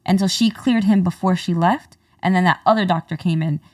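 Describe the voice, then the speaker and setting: Female podcast co-host, animated storyteller, dry sound, slightly off-mic. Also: lowish voice, brisk, no room sound, far from the mic. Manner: animated retelling, many fillers and restarts. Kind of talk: casual storytelling conversation.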